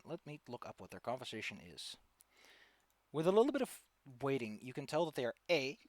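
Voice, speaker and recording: A man's voice: a little high, no echo. A man narrating as game master in a tabletop game, talking loosely with lots of filler words.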